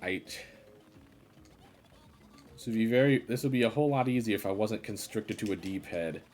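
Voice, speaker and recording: Deep-voiced man grumbling over a game. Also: normal speed, a little mellow, faint music behind. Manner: exasperated, sarcastic grumbling. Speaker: streamer. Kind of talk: live gameplay commentary.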